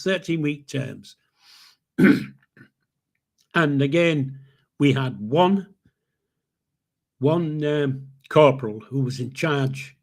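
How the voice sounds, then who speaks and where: A man's voice: mid-range voice, gravelly, breathy edge. An older man hosting a podcast, telling stories in a casual, rambling way with restarts and chuckles. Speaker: podcast host. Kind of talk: casual storytelling.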